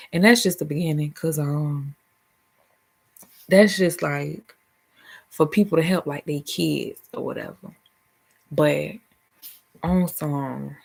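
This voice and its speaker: Her voice is on the low side and creaky. A vlogger and spiritual healer with a Southern US accent, she chats casually about her spiritual life with plenty of profanity, laughs, and slips into silly voices.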